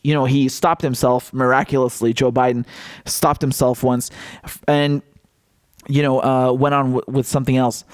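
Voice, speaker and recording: A male political commentator in a casual vlog, talking in a mocking, animated way and laughing often. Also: medium pitch, moderate pace, smooth, no echo.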